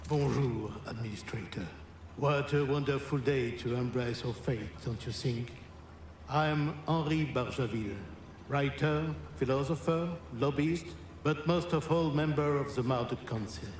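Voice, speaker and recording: An actor playing a French-accented male council member and philosopher-lobbyist, speaking in a smooth, flowery, grandiose way, heard as distant echoey game audio. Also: medium pitch, unhurried, a little hiss or hum, lightly acted. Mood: genial.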